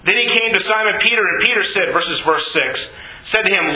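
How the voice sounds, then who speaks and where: A male pastor preaching an animated sermon, acting out voices from Bible scenes. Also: high-pitched, normal speed, roomy sound, rough recording.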